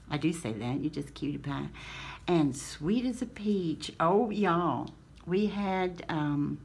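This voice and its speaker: A woman's voice: low-pitched, slightly rough. A woman with a Southern American accent hosting a casual craft vlog, gushing and laughing often, full of folksy sayings. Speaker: craft channel host.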